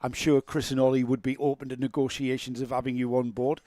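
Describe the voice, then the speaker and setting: A man's voice: mid-range voice, level tone, quick pace, mellow, dry recording. A man commentating live on karting, chatting with his co-commentator and greeting viewers.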